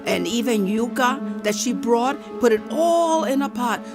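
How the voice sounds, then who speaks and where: High-pitched woman storyteller, lively family tale, faint music behind. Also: unhurried. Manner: lively, animated retelling.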